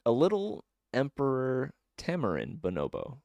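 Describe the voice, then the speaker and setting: Halting, gravelly-voiced young man as game master. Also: medium pitch, wildly swooping pitch, a little mellow, dry recording, lo-fi sound. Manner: rambling, halting, with frequent fillers. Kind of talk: narrating a tabletop game.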